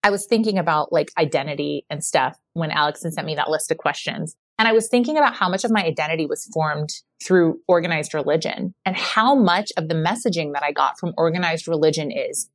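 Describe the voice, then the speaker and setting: Podcast guest: a woman in her forties with a lower voice who tells stories animatedly and acts out the dialogue. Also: brisk, few pauses. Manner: frequent filler 'like'. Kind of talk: casual conversation.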